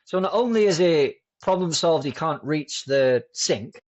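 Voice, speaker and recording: A man as a podcast guest, chatting in a relaxed, rambling way with many fillers and restarts. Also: on the high side, a little slow, dull audio. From United Kingdom. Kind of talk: casual conversational storytelling.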